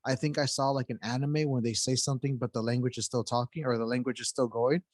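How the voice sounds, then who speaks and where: A young man with a mid-pitched voice swaps stories with friends on a podcast. He is loose and profane, and he laughs his way through each tale. His voice sits close on the mic in a dry, dead room. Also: fairly even intonation, quick pace, dry recording. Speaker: podcast co-host. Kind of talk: casual storytelling among friends.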